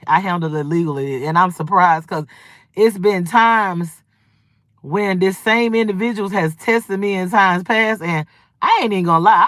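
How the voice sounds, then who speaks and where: A woman's voice: mid-range voice, fairly bright tone, no room sound, clean studio sound. A woman, hosting a livestream and talking in a blunt, rambling, profane and preachy casual monologue. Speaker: livestream host. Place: home livestream.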